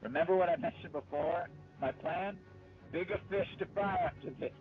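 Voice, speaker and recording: A man's voice: high voice, normal speed, narrow, tinny audio, faint music behind, voice pushed up, natural voice. A man voicing a ruthless young man with mystic powers who gives cold, mocking commands. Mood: commanding.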